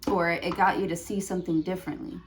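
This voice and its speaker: A woman's voice: lowish voice, level tone, quick pace, slight background noise. Woman rambling through a tarot reading. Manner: rambling, thinking aloud with many fillers. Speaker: tarot reader. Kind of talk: prerecorded tarot card reading.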